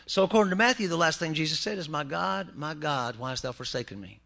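A man's voice: a little high, lively intonation, fast talker, gravelly, bright, forceful tone. A man preaching a humorous sermon in a church, with joking asides to the congregation. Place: church sanctuary.

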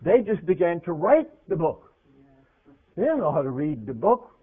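A man with a high voice preaches in a conversational style. He often asks the congregation questions and drops from loud points to near-whispers. The recording is thin and phone-like, like an old radio broadcast. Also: big pitch swings, normal speed. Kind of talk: sermon.

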